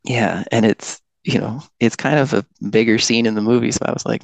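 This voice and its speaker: A man's voice: fairly low pitch, normal speed, vocal fry, few pauses, dry recording. A young man guest casually telling his own story, laid-back and self-deprecating with many fillers. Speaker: podcast guest.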